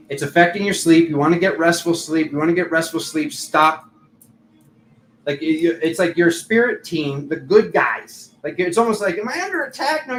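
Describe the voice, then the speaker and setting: A man's voice: fairly high pitch, fairly bright tone. A man hosting a casual live tarot reading, chatty and filler-heavy, often laughing at himself. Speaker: tarot reader and channel host. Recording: echoey room, faint background noise.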